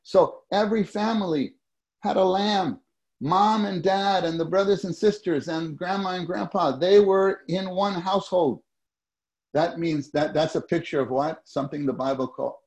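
A man's voice: on the high side, darkish tone. A middle-aged man preaching a sermon to a congregation, talking in a conversational way, asking them questions and repeating key phrases.

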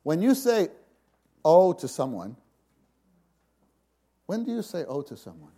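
A man delivering a sermon at a deliberate, unhurried pace. His voice is mellow and dark, though a bit higher than most men's. He swings from quiet, intimate passages to loud, dramatic cries. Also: very animated, husky. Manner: slow, emphatic delivery. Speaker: preacher.

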